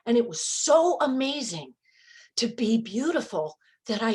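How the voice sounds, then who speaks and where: A woman's voice: a little high, sing-song, measured pace, a little mellow, breathy edge. A woman at an improv comedy show telling a candid personal story with joking asides. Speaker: improv performer. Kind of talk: storytelling monologue.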